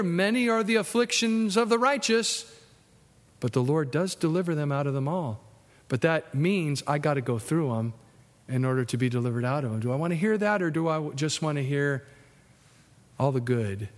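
A man preaching a sermon in a lively, conversational way, jumping into high voices when he acts out what people said. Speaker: pastor. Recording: long hall reverb.

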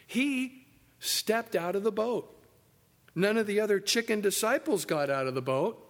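A man preaches with emphasis in a fairly high voice, moving from hushed passages to excited ones. His voice rings through a hall with a long echo, as in a church recording. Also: a little slow. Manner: emphatic, wide swings between loud and soft. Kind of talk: sermon. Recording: echoey hall.

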